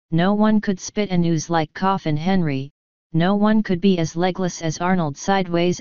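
A woman narrates an audiobook in a slow, measured voice that is very clear and smooth, set fairly low. The recording is dry and close, with a dull, lo-fi top end. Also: a little mellow, dry recording. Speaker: audiobook reader.

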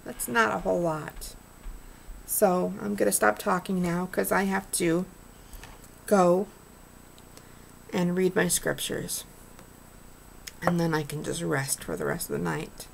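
A woman's voice: on the low side, fairly even intonation, takes it slowly, vocal fry, pauses often, slight background noise. A middle-aged woman vlogging in an earnest, rambling, preachy way. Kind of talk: casual heartfelt vlog rant.

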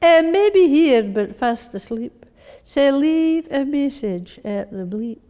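A woman voicing an answering-machine message with a Dundee accent, deeper, rough and deadpan. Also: takes it slowly. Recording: long reverb of a large hall.

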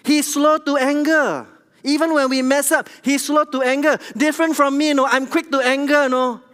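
High-voiced Singaporean preacher in a reverberant hall. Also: male voice, normal speed. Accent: Singaporean English. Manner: animated, conversational, tells jokes at his own expense, asks the congregation questions. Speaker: church elder preaching. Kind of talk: sermon. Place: large church hall.

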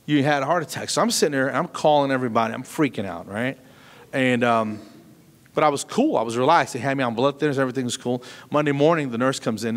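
Man, middle-aged, stand-up comedian, animated storytelling, stage mic, long hall reverb. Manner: animated storytelling, jumping to high voices for punchlines.

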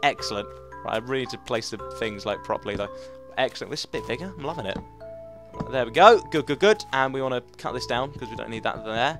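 A young man rambling excitedly through let's play commentary as he builds in a game, with lots of fillers. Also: mid-range voice, fast, soft background music. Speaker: gaming host.

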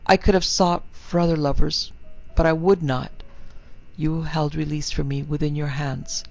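A man's voice: a little high, level tone, moderate pace, vocal fry, rough recording. A man voicing a pleading ghost girl. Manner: trembling, yearning, archaic speech. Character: ghost of a young French girl, tender, pleading.

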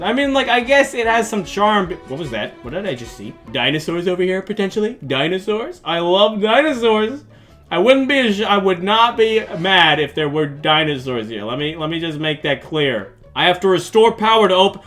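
Male let's-play host, lively swooping delivery, excitable and jokey, faint music behind. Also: on the high side, normal speed. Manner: excitable, jokey, bursts into shrieks and laughter. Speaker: gaming channel host.

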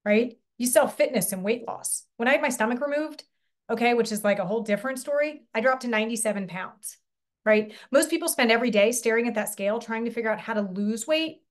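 A woman's voice: fairly high pitch, fast. A middle-aged woman business coach giving a casual, chatty live online lesson, often asking her listeners questions and swearing lightly.

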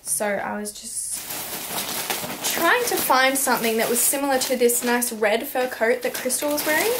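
A woman's voice: a little high, background noise. A young woman in a casual haul vlog, talking to camera at home with a bubbly, gushing, chatty manner. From Australia. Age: young adult. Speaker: vlogger.

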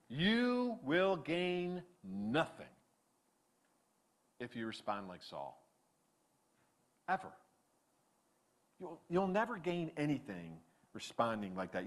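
Male pastor, middle pitch, animated and emphatic sermon delivery.

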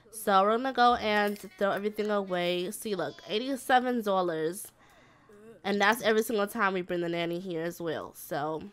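A woman giving casual, slangy gameplay commentary, talking to her game characters like a mom scolding and cooing at her kids. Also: mid-range voice. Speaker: gaming video creator.

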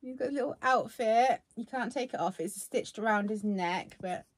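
A woman vlogging casually while unboxing gifts, gushing and excitable. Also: fairly high pitch, moderate pace, no room sound. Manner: gushing and excitable, many fillers.

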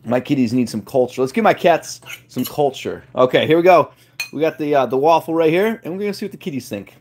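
A man vlogging a casual taste test, excitable and playful with exclamations. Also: a little high, fast, slight background noise. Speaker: food vlogger.

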